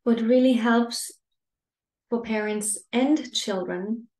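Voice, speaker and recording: A woman parenting coach giving a masterclass talk to parents in a calm, gentle, soothing way. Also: fairly high pitch, slow pace. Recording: roomy echo.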